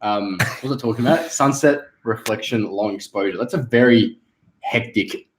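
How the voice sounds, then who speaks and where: A young man hosting a late-night live stream at home, jokey, swearing and quick to laugh, talking into a camera-mounted mic. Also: on the low side.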